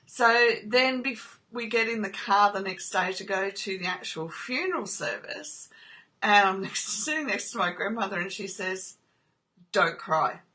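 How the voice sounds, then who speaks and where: An earnest woman talks straight to her listeners and keeps checking in with a gentle "okay?". Her voice is bright and of middle pitch. She becomes openly emotional when she shares stories from her own family. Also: animated, normal speed. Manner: emotional while telling personal stories. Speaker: trauma recovery video host. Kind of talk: personal talk to camera.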